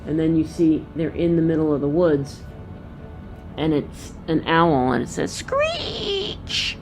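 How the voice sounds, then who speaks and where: A woman gently walking children through a picture book, explaining each page and thinking aloud as she goes. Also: low voice, steady tone, moderate pace, over music.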